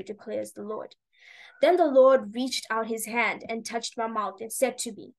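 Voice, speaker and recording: A woman's voice: fairly high pitch, normal speed, poor audio. A woman giving an earnest devotional talk, reading scripture and exhorting her listeners with casual fillers. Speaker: preacher.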